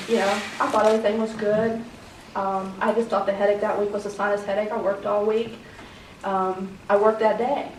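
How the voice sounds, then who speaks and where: A woman's voice: mid-range voice, slight background noise. A woman tells a personal story at a public meeting, rambling with many fillers and acting out what people said. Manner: rambling, many fillers, acts out quoted dialogue. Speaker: public commenter at a county meeting. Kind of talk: personal account during public comment. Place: meeting room. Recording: echoey room, voice from a distance.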